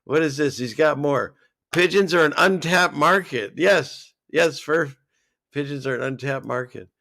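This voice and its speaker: A man hosts a casual livestream, chatting and reading viewer comments. He talks excitably and rambles from one tangent to the next. His voice is gravelly and bright, and the sound is dry with no room echo. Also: a little high, a little slow. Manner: excitable, rambling, jumps between topics. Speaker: livestream host.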